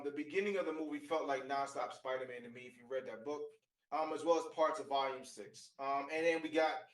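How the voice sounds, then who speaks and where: A man's voice: on the high side, reverberant, recorded from a distance, low-quality recording. A man co-hosting a casual podcast, eager and laughing between his points. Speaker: podcast co-host.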